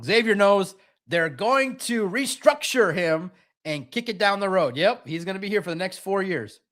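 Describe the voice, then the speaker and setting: A man's voice: sits high, animated, normal speed, fairly bright tone. A man hosting a sports podcast, talking casually and with animation, slipping into mocking impressions of others.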